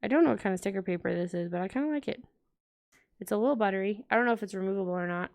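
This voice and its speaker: Chatty woman with a gravelly edge. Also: mid-range voice, rapid-fire, darkish tone. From United States. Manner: rambling, chatty, talks straight to viewers. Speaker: planner vlogger. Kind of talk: casual chatty narration while decorating a planner.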